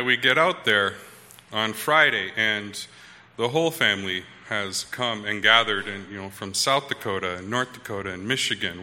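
A pastor in his thirties from Wisconsin tells a story from the pulpit in a loose, conversational way and keeps checking in with his congregation. His voice is very bright and forward. It rings with the long reverb of a church hall. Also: on the low side. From Wisconsin, USA. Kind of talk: storytelling sermon.

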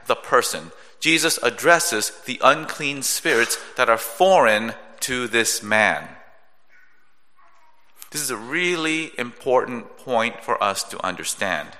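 A male pastor preaching a sermon in a measured teaching tone, often checking in with a rhetorical "right?". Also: medium pitch, animated, pushed and bright. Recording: long reverb of a large hall.

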